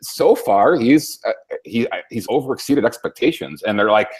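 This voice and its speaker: A man's voice: medium pitch, lively intonation, normal speed, breathy edge. A man in casual political talk-show chat, rambling and sarcastic, swearing often.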